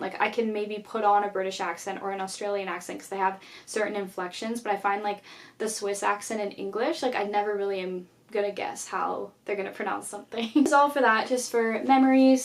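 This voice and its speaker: Young female vlogger, chatty casual talk, filler-heavy, conversational delivery. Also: mid-range voice. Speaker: YouTuber. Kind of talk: casual journaling vlog chat.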